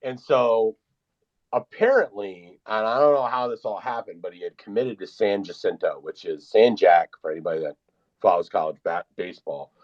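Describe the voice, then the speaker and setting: A man's voice: lowish voice, moderate pace, highs cut off. A man in casual chat on a live online audio room, telling a long, rambling, profane story. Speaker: podcast co-host.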